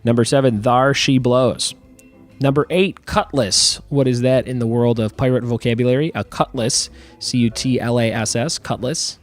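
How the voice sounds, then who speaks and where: A man hosting a trivia podcast in a casual, joking way, reading out quiz terms slowly and clearly and then riffing on them. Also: mid-range voice, steady tone, faint music behind. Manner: playful, jokey, drawn-out quiz terms.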